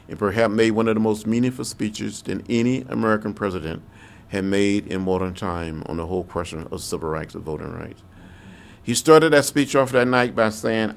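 An older man, a congressman, recounting history in a slow, measured interview with repeated phrases. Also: fairly low pitch, vocal fry.

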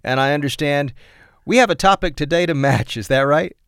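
A man's voice: a little high, fairly quick, a bit bright, clear, resonant tone, no room sound, studio quality. A man hosting a radio show, introducing a segment and interviewing a guest in a conversational way.

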